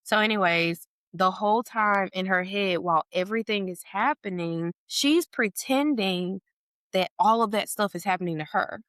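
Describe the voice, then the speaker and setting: A woman's voice: normal speed, no echo, studio quality. A woman co-hosting a podcast, telling a story in casual chat, often saying "like" and acting out the people in it. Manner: animated storytelling, acts out quotes in a high voice; heavy use of "like" and "or whatever". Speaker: podcast co-host.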